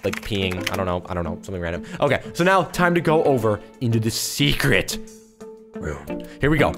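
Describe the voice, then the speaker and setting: A young man hosting Roblox gameplay commentary, excitable and swinging between hushed mutters and sudden shouts. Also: fairly low pitch, brisk. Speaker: gaming YouTuber host. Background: background music.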